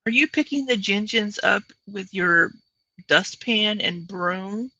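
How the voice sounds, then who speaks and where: Gravelly, husky woman host, slow and sharp. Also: mid-range voice, dry recording, highs cut off. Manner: mocking, dry sarcasm. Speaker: commentary channel host. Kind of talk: sarcastic reaction commentary.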